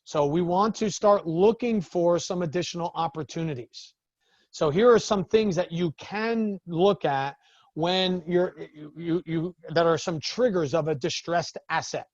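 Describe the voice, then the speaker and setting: High-voiced man telling lively business stories. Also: a little slow, no echo, highs cut off. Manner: animated storytelling, acts out the other people in his stories. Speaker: business coach. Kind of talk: talking to a group of business owners.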